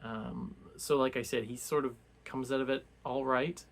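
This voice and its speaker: A man's voice: medium pitch, fairly even intonation, normal speed. A man giving a casual, rambling recap of a novel for a book club, full of restarts and fillers.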